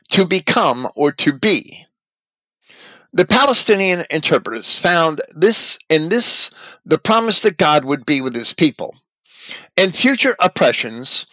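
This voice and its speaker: A man's voice: mid-range voice, sharp tone, dry recording, poor audio. A man reading an article aloud and commenting on it as a religious teacher, spelling out names letter by letter.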